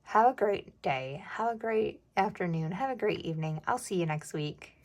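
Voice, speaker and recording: A young woman chatting casually while budgeting for her vlog, often dropping into a soft whisper. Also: mid-range voice, lively intonation, moderate pace, rough recording. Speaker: budgeting vlogger. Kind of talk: casual cash-stuffing vlog narration.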